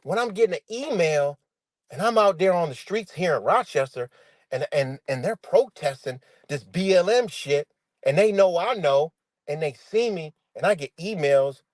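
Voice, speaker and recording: Swearing man ranting to viewers, lively pitch. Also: moderate pace, no room sound. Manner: animated, swearing, addresses viewers as y'all. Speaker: livestreamer. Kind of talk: profane livestream rant.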